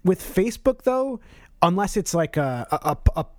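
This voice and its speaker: A man's voice: high voice, sing-song, normal speed, no room sound, clean studio sound. A man co-hosting a podcast in casual chat, rambling with many restarts and self-corrections. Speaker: podcast co-host.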